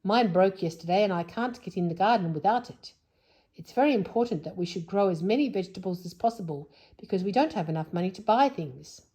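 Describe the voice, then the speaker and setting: A woman's voice: mid-range voice, animated, a little fast, warm tone, natural voice. Woman voicing a scolding storybook parent. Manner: scolding, raised and emphatic. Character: worried hard-up mother and cross father.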